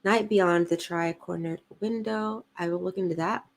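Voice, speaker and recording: A woman's voice: lowish voice, steady tone, moderate pace, slight background noise. A woman, co-hosting a casual livestream, chatty and giggly as she reads comments aloud. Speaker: podcast co-host reading live chat.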